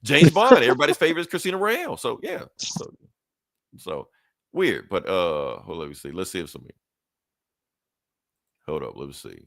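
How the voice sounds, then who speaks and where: A man's voice: on the low side, very animated, brisk, vocal fry, long pauses, a bit bright, no echo. A man co-hosting a podcast in a loose, profane, rambling way, full of fillers. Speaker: podcast co-host. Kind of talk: casual chat.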